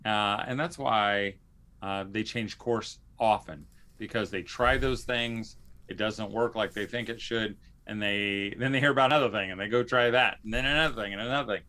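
A man's voice: fairly low pitch, moderate pace, pushed and bright. A man hosting a podcast in a casual, rambling way, with lots of fillers and restarts. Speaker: podcast host.

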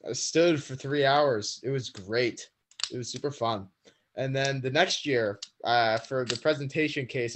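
A teenage boy chatting casually as a podcast guest, relaxed and self-deprecating, with lots of fillers. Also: medium pitch. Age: teens. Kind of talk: casual chat. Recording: noisy video call audio.

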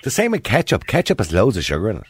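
A middle-aged Irish man hosts a casual phone-in radio show with a deep, animated voice that climbs and dips all over the place. He talks quickly and laughs easily. His studio mic sounds close and dry. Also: slightly rough, no room sound.

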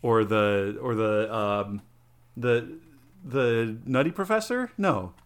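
A man's voice: medium pitch, takes it slowly, smooth. A man in his thirties co-hosting a podcast, rambling and hunting for words as he goes. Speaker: podcast co-host. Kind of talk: casual comedic chat.

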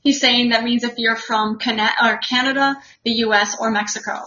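A woman's voice: on the high side, fairly even intonation, normal speed, bright, forceful tone, echoey room. A woman co-hosting a casual podcast chat and asking wry follow-up questions. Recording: dull lo-fi audio.

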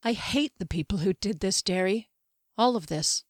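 A woman's voice: medium pitch, animated, normal speed, dry recording, clean studio sound, close to an everyday voice. A woman reading a young female warrior in an audiobook, speaking in a detached, remote way. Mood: grim.

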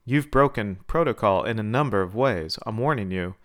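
A man's voice: lowish voice, expressive, moderate pace, a bit bright. A man voicing a defiant young female Marine who speaks firmly and with mocking confidence. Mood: stern.

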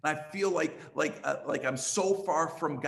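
A man voicing a sincere, humble young male convert, speaking quietly and hesitantly. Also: a little high, normal speed, gravelly, echoey room.

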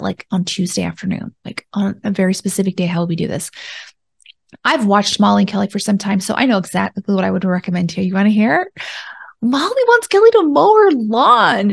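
A woman relationship coach talking alone on her podcast, animated and chatty, acting out little quoted lines as she goes. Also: mid-range voice, gravelly, slightly rough. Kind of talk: solo podcast commentary.

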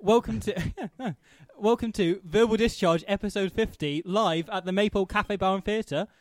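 A man's voice: sits high, moderate pace, dry recording, clean studio sound. A man from Nottingham hosting a live comedy podcast, giggly and self-mocking, on stage at a cafe bar theatre. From Nottingham, England. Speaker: podcast host.

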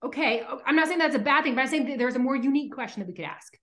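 A woman hosting a podcast in casual chat. She talks in a chatty way, uses lots of filler "like"s and acts out quick examples. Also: sits high, fairly bright tone. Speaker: podcast host. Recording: roomy echo.

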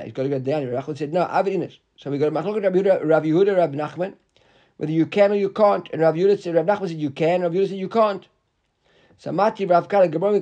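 Animated high-voiced man teaching Talmud. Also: dull audio. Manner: animated, stumbling restarts, mixes Hebrew and Aramaic terms. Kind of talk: daily Gemara class.

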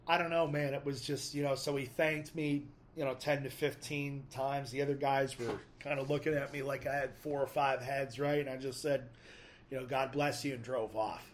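A man casually telling a personal testimony story, acting out his own inner dialogue with casual slang and pausing when moved. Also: medium pitch, steady tone, a little hiss or hum.

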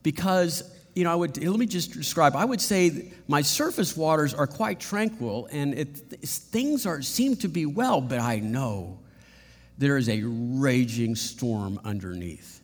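A middle-aged man preaching a sermon as pastor, earnest and halting, with frequent restarts. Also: on the high side, lively intonation. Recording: long reverb of a hall.

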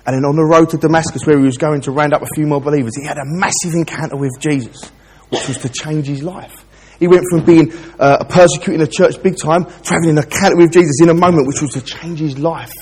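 A man's voice: a little high, steady tone, fast, darkish tone, big-room sound, a little hiss or hum. A man preaching a chatty, direct sermon in a church and speaking straight to the listeners. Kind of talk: informal sermon with a joke.

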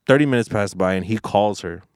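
A man's voice: lowish voice, fairly quick, smooth, dry recording, studio quality. A young man hosting a casual podcast, retelling a story in a rambling way with lots of fillers and swearing. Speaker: podcast host.

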